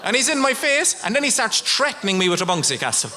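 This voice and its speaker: A middle-aged Irish man performing stand-up comedy, telling a story with swings from low mutters to high outbursts. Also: very animated, fast talker, bright, forceful tone, a faint crowd, slight background noise. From Ireland. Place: live stage.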